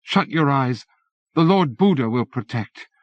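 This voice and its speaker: A man's voice: mid-range voice, animated, unhurried, no echo, pitched above the performer's own voice, close to an everyday voice. A man reading an audiobook, voicing a protective old grandmother who hisses urgently. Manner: hissing, urgent. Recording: dull lo-fi cassette.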